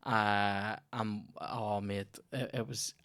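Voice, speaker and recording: A man's voice: lowish voice, steady tone, slow, fairly bright tone, smooth. Sweary man telling stories. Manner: sweary, rambling storytelling. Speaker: comedian. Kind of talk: casual podcast chat.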